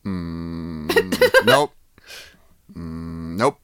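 A man's voice: sits low, lively intonation, extremely slow, fairly bright tone, clear, resonant tone, no echo, clean studio sound. A man co-hosting a casual comedy podcast, joking and laughing often as he chats. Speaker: podcast co-host.

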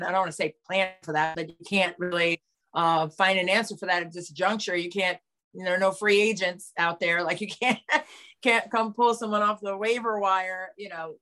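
A woman basketball analyst co-hosting a podcast in casual chat, her voice raspy today. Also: lowish voice, a bit bright.

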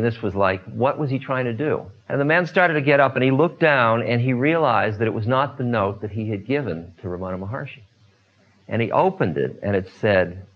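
A man telling spiritual stories to listeners in an unhurried talk, pausing often with fillers. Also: mid-range voice. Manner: unhurried, many pauses and fillers. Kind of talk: storytelling talk. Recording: dull lo-fi recording.

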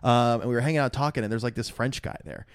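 A man co-hosting a casual sports podcast, rambling through an animated story with lots of fillers and laughs. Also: mid-range voice, fast, smooth, dry recording, studio quality. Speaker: podcast co-host.

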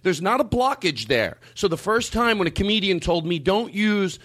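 A man hosting a podcast in casual chat, talking in a rambling, animated way with some swearing. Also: sits high, moderate pace. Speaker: podcast host.

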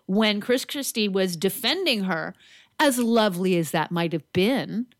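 Blunt, animated woman co-host. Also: medium pitch, unhurried, no room sound. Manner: animated, blunt, swears freely. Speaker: podcast co-host. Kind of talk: casual political chat.

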